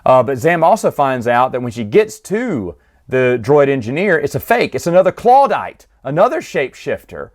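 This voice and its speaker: Male book reviewer, mid pitch, relaxed chatty recap, acts out quotes. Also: normal speed.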